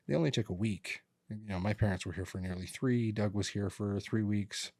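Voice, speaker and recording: A man's voice: lowish voice, brisk, few pauses, a little mellow, dry recording. A man co-hosting a podcast, chatting casually and acting out what his relatives said as he tells stories. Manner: rambling storyteller who acts out relatives' lines. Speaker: podcast co-host. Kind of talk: casual chat. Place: podcast studio.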